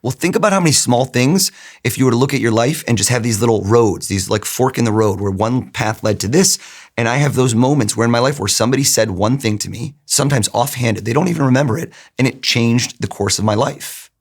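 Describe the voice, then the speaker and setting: This middle-aged mentalist, a guest in a conversational interview, tells stories with animation and performs the lines other people said. His voice is medium-pitched and brisk.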